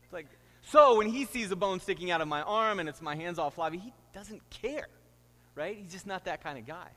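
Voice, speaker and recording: A man's voice: high-pitched, animated, fairly quick, bright, forceful tone, long reverb tail. A middle-aged man, a pastor, preaching a sermon and telling stories with rising, emphatic delivery. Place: church sanctuary.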